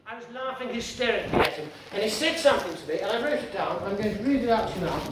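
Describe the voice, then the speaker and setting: Posh guy doing stand-up, bumbling and pompous, flares up fast, really high voice, lots of echo and noise, mic kinda far off. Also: animated. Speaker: stand-up comedian in character. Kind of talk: stand-up comedy. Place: comedy club stage. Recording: very echoey room from far off, noisy.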